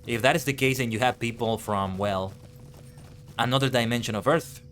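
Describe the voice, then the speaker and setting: A man's voice: medium pitch, moderate pace, fairly bright tone, a little hiss or hum. A man with a non-native accent musing aloud in casual live-stream chat while playing a game. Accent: non-native English accent. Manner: thinks aloud, rambling and musing. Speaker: VTuber streamer.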